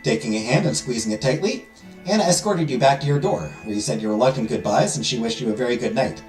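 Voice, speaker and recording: Man reading a visual novel aloud, animated, swooping delivery, echoey room, faint music. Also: mid-range voice, fast talker. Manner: lively, dramatic storytelling with joking asides. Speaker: let's play host. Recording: roomy echo with music behind.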